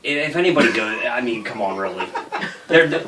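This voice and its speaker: A man's voice: mid-range voice, expressive, normal speed. A man hosting a casual chat show, telling a long profane anecdote and laughing through it. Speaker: host. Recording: roomy, distant mic with faint noise.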